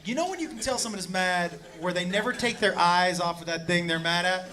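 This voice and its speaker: A man doing stand-up, telling a story in a loud, profane, excitable way to a live crowd. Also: high-pitched, fairly quick. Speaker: stand-up comedian. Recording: live stand-up clip with audience laughter and noise. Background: audience laughing.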